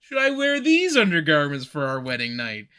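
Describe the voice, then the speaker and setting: A man doing a coy, high sing-song bride. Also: huge pitch swings, moderate pace, sharp tone, clear, resonant tone, full character voice.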